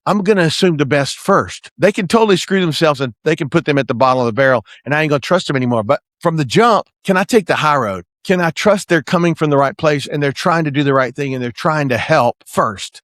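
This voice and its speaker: Earnest man coaching, slightly high voice. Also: expressive, fast talker, few pauses, fairly bright tone, no echo, studio quality. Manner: earnest, preacher-like, keeps asking "right?". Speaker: podcast host and management consultant. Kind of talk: motivational coaching talk.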